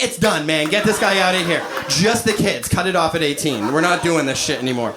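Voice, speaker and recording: A man in his thirties performing a crude, animated stand-up comedy set on a club stage, acting out quoted voices. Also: on the high side, brisk, hardly any pauses, over music. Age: 30s. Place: comedy club stage before a laughing audience.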